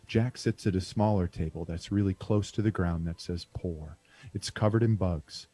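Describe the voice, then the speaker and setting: A man's voice: low voice, moderate pace, mellow. A man hosting and narrating a comedy script reading on a stream, flustered and self-deprecating. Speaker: narrator and show host.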